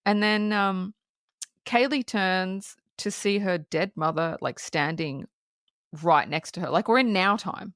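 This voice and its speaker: A woman co-hosting a podcast, recapping a horror film in casual, profane, animated chat and acting out the characters' lines. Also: medium pitch, measured pace, dry recording, studio quality. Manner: profane, animated plot recapping with acted-out quotes. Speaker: podcast co-host.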